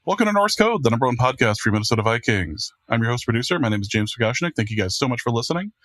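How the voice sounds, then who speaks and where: A man's voice: mid-range voice, big pitch swings, rapid-fire, fairly bright tone, soft background music. A man hosting a casual podcast, self-deprecating and rambling with restarts. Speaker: podcast host and producer. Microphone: podcast microphone.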